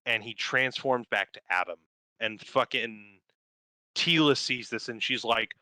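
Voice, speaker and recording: A man talking loosely on a podcast, swearing freely and rambling with eager excitement. His voice is bright and forceful, crisp and smooth, and the recording is dry and close. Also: mid-range voice, measured pace, no room sound, rough recording. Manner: profane, enthusiastic, rambling with fillers. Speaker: podcast co-host. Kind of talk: casual chat, recapping a cartoon series.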